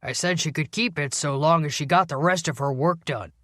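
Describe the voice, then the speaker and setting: A woman narrator voicing a gruff, irritable older male police commander in an audiobook, speaking curtly and defensively. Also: low-pitched, fairly quick, a bit bright, no room sound, studio quality. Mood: grudging. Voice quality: gruff, growling. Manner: defensive, curt, raises voice. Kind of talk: audiobook character voice.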